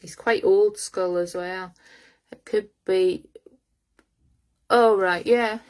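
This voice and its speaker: A woman giving a live-streamed psychic reading over her phone, talking in a halting way as she searches aloud for words. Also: mid-range voice, steady tone. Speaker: psychic medium.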